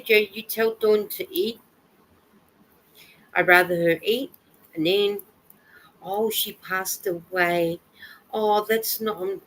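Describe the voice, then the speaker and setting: A woman hosting a casual live chat from home while she knits, greeting viewers by name, reading their comments aloud, and adding soft sympathetic asides. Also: mid-range voice, slight background noise, poor audio. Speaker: livestream host.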